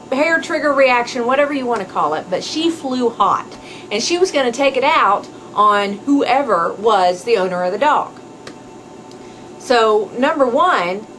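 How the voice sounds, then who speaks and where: A woman hosts her own podcast and tells stories in a chatty, animated way, full of asides. Her voice sits a little high. A faint rumble runs under the recording. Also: rough recording. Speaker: podcast host. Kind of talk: casual storytelling monologue.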